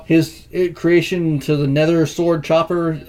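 A man with a high voice talks casually about a film. He rants loudly and swears a lot, and his voice keeps jumping up into even higher bursts. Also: unhurried. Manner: ranting, profane, animated. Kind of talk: casual movie discussion.

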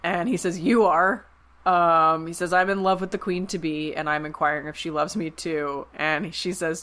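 A woman co-hosting a podcast, recapping a movie in casual chat and acting out the characters' lines in quick voices. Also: lowish voice, a little hiss or hum. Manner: animated retelling, acts out quotes in quick voices. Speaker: podcast co-host.

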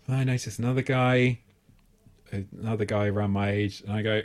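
A man's voice: fairly low pitch, steady tone, fast. A man, a podcast co-host telling a rambling, self-mocking story full of swearing and laughter. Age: 30s. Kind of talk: casual comedic storytelling.

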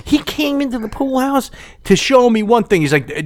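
A man's voice: fairly high pitch, normal speed, dry recording, studio quality. A man in his forties telling a family story in casual chat, swearing and acting out the people he quotes. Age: 40s. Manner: animated, swears, acts out quoted voices.

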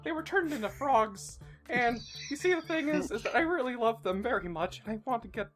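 A man voicing a timid little boy giant whose parents were turned into frogs, speaking haltingly with many fillers. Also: extremely high pitch, animated, a bit bright, faint music behind, voice pushed up. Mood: earnest.

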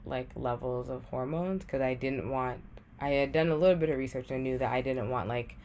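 Low-voiced young woman, chatty storytelling. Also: brisk, a little mellow, a little hiss or hum. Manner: chatty, heavy use of "like", acts out her own past thoughts. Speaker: podcast guest sharing a personal story. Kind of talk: casual conversational storytelling.

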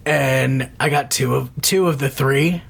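Giggly rambling man with a gravelly voice. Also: mid-range voice, unhurried, fairly bright tone. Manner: giggly, rambling, self-interrupting. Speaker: podcast co-host. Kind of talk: casual chat.

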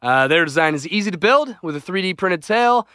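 Bright-voiced joking podcast guy. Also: high-pitched, lively intonation, brisk, no room sound, studio quality. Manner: jokey, reads out a news item loosely. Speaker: podcast co-host. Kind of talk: casual podcast chat.

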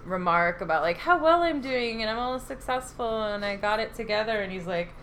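A woman's voice: medium pitch, animated, brisk, hardly any pauses, a bit bright, slight background noise. A young woman co-hosting a podcast, chatting casually with lots of fillers, swearing and giggling. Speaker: podcast co-host. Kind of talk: casual chat.

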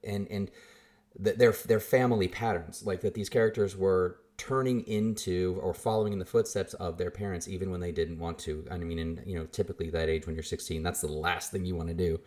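A man's voice: low-pitched, fairly even intonation, fairly quick, darkish tone. A man co-hosting a podcast, talking casually with hesitant restarts. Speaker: podcast co-host. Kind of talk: casual chat.

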